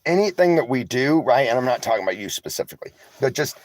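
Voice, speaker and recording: Speaking fast in a medium-pitched, sing-song voice, a man vlogs casually from inside a vehicle, reading his live chat. He's tired and emotional, candid and rambling, with sarcasm and plenty of swearing.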